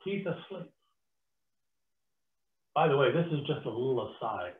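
Animated male Bible teacher on a tinny line. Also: mid-range voice, a little slow. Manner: animated storytelling with acted-out quotes. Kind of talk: teaching an online Bible study. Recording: tinny phone-like audio in an echoey room.

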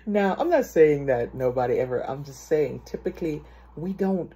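A woman preaching a sermon in a lively storytelling way, acting out the excited voices of people she quotes. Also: sits low, moderate pace, slightly rough. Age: adult.

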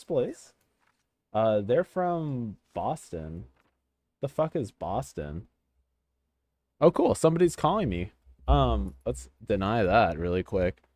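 A man giving casual let's-play commentary as a streamer, excitable, joking and easily sidetracked. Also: on the low side, takes it slowly, long pauses, no room sound. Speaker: gamer streamer.

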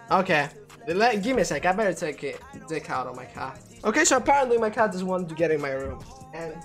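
A woman giving live gameplay commentary, talking to herself, getting frustrated and swearing often. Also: on the low side. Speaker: gamer.

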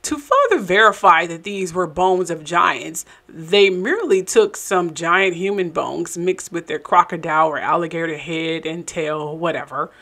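A woman's voice: on the low side, a little slow, few pauses, pushed and bright. A woman hosting and narrating a commentary show, with sarcastic, skeptical asides. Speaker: show host.

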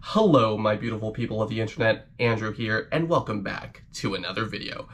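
A man from Ontario with a Canadian accent, talking casually to camera while sick, his voice deepened and rough, brash and swearing. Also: expressive, a little fast, fairly bright tone, soft background music. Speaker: vlogger host. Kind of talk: casual profane vlog chat.

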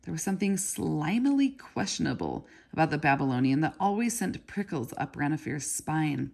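A woman reading a children's novel aloud in a steady storybook manner. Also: deep voice, moderate pace, gravelly, breathy edge. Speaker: narrator.

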